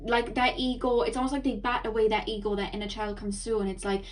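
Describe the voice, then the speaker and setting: A young woman giving a chatty tarot reading, rambling and excitable, talking quickly. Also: on the high side, distant mic. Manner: excitable, rambling, talks fast. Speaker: tarot reader. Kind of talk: chatty intuitive card reading.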